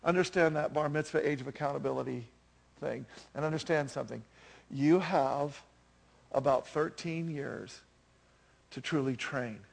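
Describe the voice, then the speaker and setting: A man's voice: on the high side, normal speed, vocal fry. A man in his fifties preaching a sermon in a chatty, self-deprecating way, telling stories with animation. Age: 50s.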